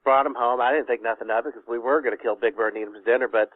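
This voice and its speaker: A man's voice: mid-range voice, fairly even intonation, very fast, no echo. Southern kentucky guy calling in, folksy rambling story, dry thin phone sound. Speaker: caller. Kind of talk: folksy storytelling on a call-in show. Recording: dry, tinny phone line.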